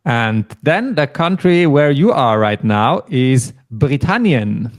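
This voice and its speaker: A man runs a beginner language lesson at a patient, even pace. He explains each sound slowly and prompts his learner to say every word back. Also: medium pitch. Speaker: German teacher.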